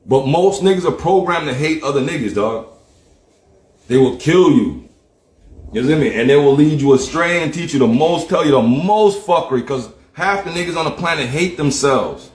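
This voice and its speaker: A man's voice: a little high, lively intonation, moderate pace, echoey room. A man from Jamaica with a Jamaican accent, ranting bluntly on a livestream, swearing, laughing often and slipping into patois. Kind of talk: profane livestream rant.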